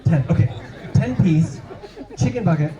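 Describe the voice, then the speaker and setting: A man's voice: a little high, expressive, moderate pace, a crowd in the background, natural voice. Man playing a polite fussy customer. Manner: polite, hesitant, over-explaining. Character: polite lactose-intolerant man customer ordering fried chicken. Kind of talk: improv comedy scene. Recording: dull roomy sound, audience noise.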